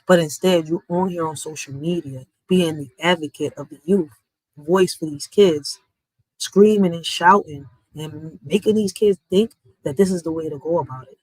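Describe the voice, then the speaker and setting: A woman's voice: low-pitched, moderate pace, darkish tone, breathy edge, dry recording, low-quality recording. A woman giving blunt, heated commentary as a vlogger, ranting emphatically. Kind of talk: heated social media commentary.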